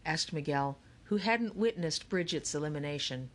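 Lively low-voiced woman audiobook narrator. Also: normal speed, few pauses. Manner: expressive, animated. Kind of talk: scripted narration.

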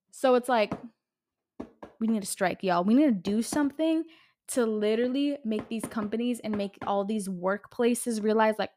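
A woman in her twenties, a podcast host, ranting heatedly in casual talk, swearing and using a lot of fillers. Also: on the high side. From California. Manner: heated, profane, uses lots of fillers. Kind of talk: casual solo podcast rant.

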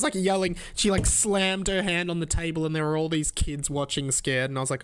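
A man's voice: on the high side, brisk, fairly bright tone, smooth. A young man, hosting a podcast and telling travel stories in a loose, rambling way full of fillers. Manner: rambling, filler-heavy, laughs at his own stories. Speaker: podcast host. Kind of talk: casual travel storytelling.

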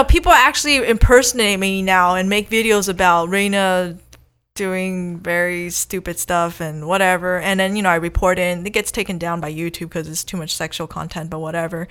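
A woman's voice: lowish voice, a bit bright, clear, resonant tone. A young woman talking as a guest on a casual podcast, chatty and upbeat, with many "you know"s and "like"s. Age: young adult. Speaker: guest, competitive eater and food creator.

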